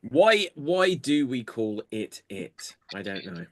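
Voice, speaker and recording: A man's voice: mid-range voice, sing-song. British-sounding man hosting an online show. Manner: brisk, drawn-out sign-offs. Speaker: host. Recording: video call audio.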